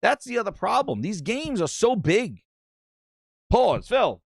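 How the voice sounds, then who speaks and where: Guy hosting a gaming show, swears a lot, voice jumps all over, high pitched. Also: measured pace, vocal fry, no echo, studio quality. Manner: animated, profane, reads chat aloud. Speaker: podcast host. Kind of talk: casual live-stream rant.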